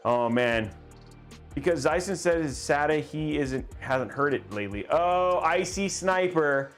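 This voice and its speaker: A man's voice: on the high side, lively intonation, a little slow, faint music behind. A young man hosting a live stream, chatting casually with frequent laughs and reading chat aloud in a rambling way. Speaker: livestream host building a PC.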